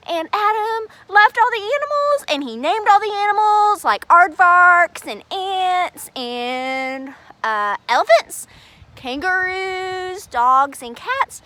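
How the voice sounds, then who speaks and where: A woman telling a Bible story to children at chapel in an animated, sing-song, exaggerated way. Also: very high voice, measured pace.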